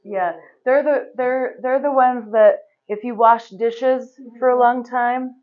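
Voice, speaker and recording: A woman teaching a yoga class, giving relaxed, chatty instructions and laughing often. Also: fairly high pitch, slow pace. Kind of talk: guiding a live yoga class. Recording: slightly dull, lo-fi recording.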